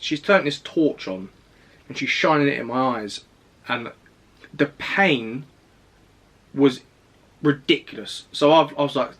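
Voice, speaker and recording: A man's voice: medium pitch, unhurried, long pauses, a bit bright. A young man, casually recounting a personal story to camera in a rambling, self-deprecating way. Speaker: fitness vlogger.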